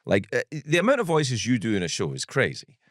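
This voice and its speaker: A middle-aged man hosting a podcast interview, playful and quick to laugh, teasing his guest with questions. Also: mid-range voice, huge pitch swings, fairly bright tone, no echo, clean studio sound. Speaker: podcast host. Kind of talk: casual interview chat.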